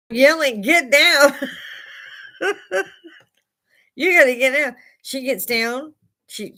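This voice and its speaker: A woman's voice: mid-range voice, a bit bright. An older woman hosting a casual livestream from a bar, slightly tipsy, rambling through stories with frequent laughs and swearing. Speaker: livestream host.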